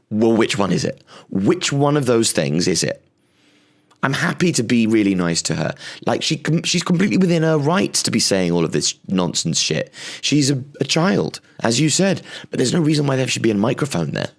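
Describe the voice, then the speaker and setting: A man with a low, gravelly voice rants as a comedian host, sarcastic and exasperated. He keeps tripping over his own restarts, and his pitch jumps when he mocks others. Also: big pitch swings, moderate pace. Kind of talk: comic rant monologue.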